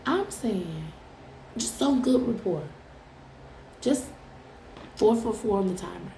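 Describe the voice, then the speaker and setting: A woman's voice: mid-range voice, expressive, takes it slowly, dark tone, reverberant, a little hiss or hum, rough recording. A woman tarot reader talking straight to her viewers in a blunt, profane, teasing way. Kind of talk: casual direct-to-camera chat.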